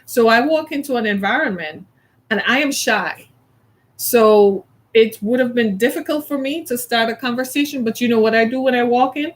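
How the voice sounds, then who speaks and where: Woman, middle-aged, from the American South, casual host chat, animated, laughing, slightly high pitch. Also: moderate pace. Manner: chatty and animated, laughs often, plays out quoted lines.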